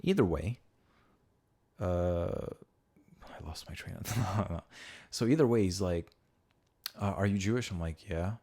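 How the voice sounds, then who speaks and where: A man's voice: deep voice, slow pace, gravelly, pauses often, mellow, husky. A young man hosting a podcast, casually telling rambling stories with plenty of swearing, and acting out the people he quotes. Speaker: podcast host.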